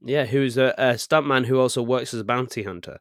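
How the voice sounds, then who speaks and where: A man's voice: medium pitch, fairly quick, a bit bright. An easygoing man co-hosts a casual podcast chat, running through upcoming film news. He reads bits aloud and then riffs on them. His voice sits close and dry, with no room echo. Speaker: podcast co-host.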